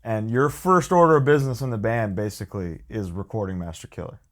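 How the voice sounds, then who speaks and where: A man's voice: on the low side, fast talker, a bit bright. A man hosting a casual interview, mostly short reactions and questions. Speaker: podcast host.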